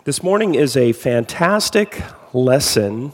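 A man's voice: mid-range voice, lively intonation, takes it slowly, darkish tone, long reverb tail. A man preaching a sermon, casual and self-deprecating, with frequent fillers, then reading scripture aloud. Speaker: pastor.

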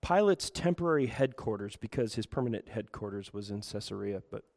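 A man's voice: on the low side, expressive, a little fast, creaky, a little mellow. A man preaching a sermon as pastor, asking the room rhetorical questions and acting out quoted voices. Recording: reverberant hall.

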